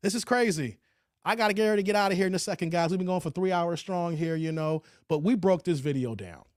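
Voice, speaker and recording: Higher-pitched man hosting a chatty livestream. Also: quick pace, no echo, clean studio sound. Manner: laid-back and slangy, often ends lines with "man" and "y'all". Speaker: livestream host. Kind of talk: casual livestream chat, reading viewer comments. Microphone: streaming setup.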